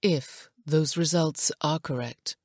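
A woman's voice: deep voice, a little mellow, dry recording, studio quality. A woman doing a guarded, formal clinic director. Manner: clipped, formal, measured. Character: composed, guarded male fertility clinic director. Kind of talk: audiobook character voice.

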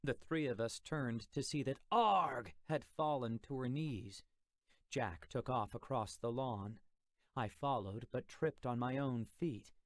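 A mid-range male voice delivers first-person audiobook narration at an even, expressive storytelling pace, recorded without any room sound.

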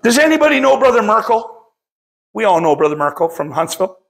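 A man's voice: high voice, big pitch swings, fairly quick, vocal fry. A middle-aged man preaching a sermon as pastor, impassioned and often calling out to the congregation.

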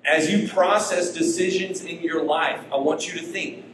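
A man preaching a sermon as pastor, emphatic, with his pitch rising and falling. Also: fairly even intonation, moderate pace, noisy background. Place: church sanctuary. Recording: echoey church hall.

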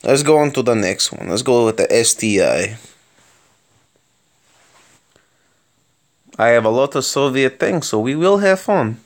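A young man commenting on his own tank game in a playful mock Russian accent, with excitable outbursts mid-battle. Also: medium pitch, normal speed. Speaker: gaming video host. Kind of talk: gameplay commentary.

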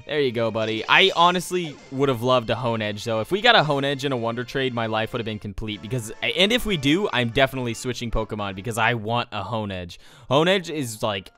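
Young man, let's play host, jokey rambling, mid pitch, faint music. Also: expressive, fairly quick, bright, forceful tone. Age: young adult. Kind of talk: casual gameplay commentary.

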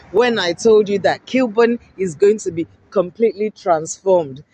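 A woman from Africa chatting to camera while she walks outdoors along a busy street. She repeats herself a lot, asks her viewers many rhetorical questions and gets excitable. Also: mid-range voice, a little hiss or hum, poor audio. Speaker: vlogger. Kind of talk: casual walking vlog to camera.

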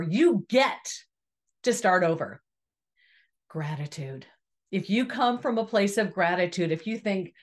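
A woman giving an earnest, preachy inspirational talk, repeating key lines for emphasis and acting out the voices she quotes. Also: mid-range voice. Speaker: motivational speaker. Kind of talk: inspirational monologue to camera.

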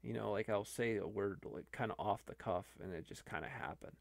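A man's voice: fairly low pitch, a little fast, gravelly, no room sound. A man, an online video creator, talking casually and rambling with many restarts.

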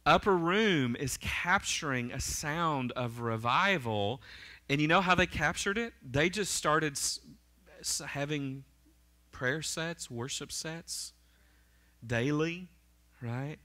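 Male pastor preaching hard in church, bright forceful voice, keeps asking the room "right?". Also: fairly high pitch, lively intonation, slow pace. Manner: fervent, emphatic preaching with frequent "right?" and "amen?" to the congregation. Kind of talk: sermon. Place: church sanctuary.

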